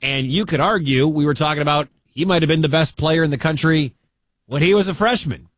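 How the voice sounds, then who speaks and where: A man's voice: on the high side, fairly quick, a bit bright, no room sound, clean studio sound. A man from the American Midwest hosting a sports radio show, chatting through college football scores and coach clips. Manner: conversational, chatty asides. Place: radio studio.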